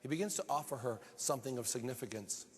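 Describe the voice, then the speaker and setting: A man's voice: medium pitch, fast, breathy edge. A male pastor delivering a sermon in an earnest voice that climbs sharply upward when he stresses a point. His voice carries a long reverb from a large hall. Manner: earnest, rising to emphatic peaks.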